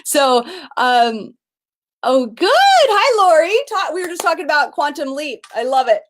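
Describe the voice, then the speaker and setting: Energetic woman business coach. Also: high voice, unhurried. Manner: energetic, enthusiastic, bursts into excited shouts. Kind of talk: live online coaching session.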